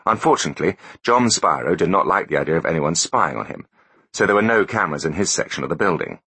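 A man narrating an audiobook with expressive storytelling delivery. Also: low-pitched, fast, husky, dry recording. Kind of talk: scripted narration.

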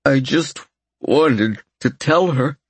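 A man doing a grieving young man, husky. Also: medium pitch, no echo, pitched above the performer's own voice. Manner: halting, subdued.

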